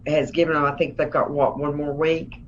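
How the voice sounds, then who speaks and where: Lady cohost, lowish voice, sarcastic and emphatic, dull muffled stream audio. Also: level tone, brisk, slight background noise. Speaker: co-host of a political livestream. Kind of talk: casual political commentary.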